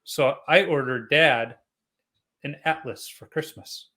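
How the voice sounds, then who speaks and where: A middle-aged man hosting a podcast interview, telling relaxed, chatty stories. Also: a little high, slow pace. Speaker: podcast host. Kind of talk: casual interview chat.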